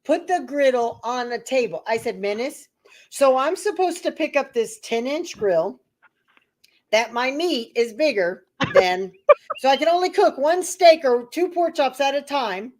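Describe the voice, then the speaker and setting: A woman with a high voice hosts a loose, chatty live stream. She tells stories with swearing and gusto, switching into voices for everyone she quotes. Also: unhurried, slight background noise. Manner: profane, animated, acts out voices in her stories. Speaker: host of a live talk stream. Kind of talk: casual storytelling chat.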